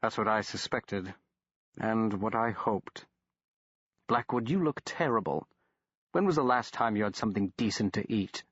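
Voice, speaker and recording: A man voicing an impatient, sharp-tongued doctor who snaps his words curtly. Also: lowish voice, moderate pace, pauses often, husky, no echo, lo-fi sound. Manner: curt, exasperated, snapping.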